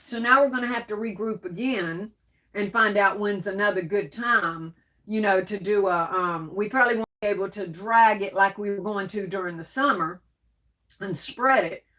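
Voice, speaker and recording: A woman's voice: mid-range voice, a bit bright. Affectionate woman livestream host. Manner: affectionate, calls viewers baby and darling. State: sneezing and coughing. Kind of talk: casual livestream chat reading comments.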